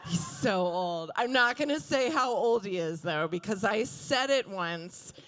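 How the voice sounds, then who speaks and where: A woman in her thirties doing a stand-up comedy set on a club stage, with deadpan asides and acted-out quotes. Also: mid-range voice, a little slow. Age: 30s.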